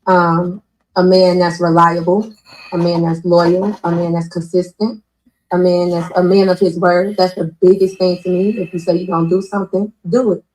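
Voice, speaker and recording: A woman talking in casual chat, thoughtful and hesitant, with frequent pauses and fillers. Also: on the low side, level tone, a little mellow, a little hiss or hum, low-quality recording.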